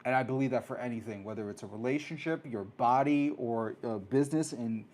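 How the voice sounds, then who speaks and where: A man hosting his own talk show, telling a personal story in a casual, animated way and acting out the voices of people he met. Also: medium pitch, a little fast. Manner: animated, acts out quoted voices. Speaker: host.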